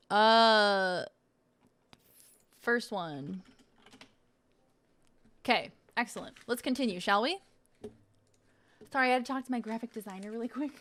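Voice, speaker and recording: A woman's voice: mid-range voice, moderate pace, pauses often, bright, forceful tone. A woman streams live in an easygoing, chatty voice. She swears freely and plays around while sounding out words from packaging. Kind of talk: casual live-stream chat.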